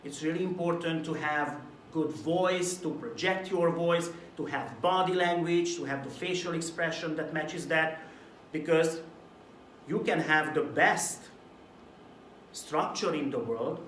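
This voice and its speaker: A man from Hungary giving a recorded video talk to camera about presentation delivery, lively and at times acting out a dull, mumbled way of speaking as a contrast. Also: fairly high pitch, a little slow, roomy sound, far from the mic, slight background noise. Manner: animated, demonstrates flat and mumbled delivery as examples. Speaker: presentation coach.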